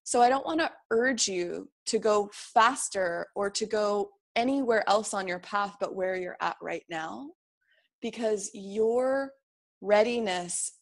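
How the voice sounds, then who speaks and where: A woman with a medium-pitched voice speaks at a measured pace as an interview guest. In reflective conversation, she talks earnestly and encouragingly about feelings and beliefs, often voicing her inner thoughts as quotes.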